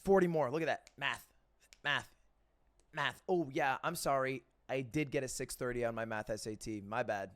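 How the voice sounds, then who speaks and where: A young man hosting a livestream, joking and getting excited about incoming numbers. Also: mid-range voice, normal speed. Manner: playful, excitable, self-mocking. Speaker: livestream host. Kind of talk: joking live commentary.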